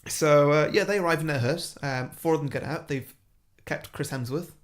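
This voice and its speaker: A man chatting casually as a podcast co-host, spinning a made-up story and laughing often. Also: a little high. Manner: laughs often, does quick voices for characters. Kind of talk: casual chat, pitching a made-up film plot.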